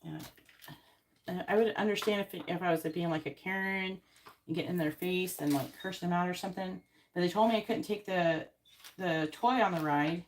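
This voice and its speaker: A woman's voice: on the low side, moderate pace, slight background noise. A woman who hosts tarot readings, telling a story in an indignant, casual rant full of swearing and fillers. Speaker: tarot card reader host.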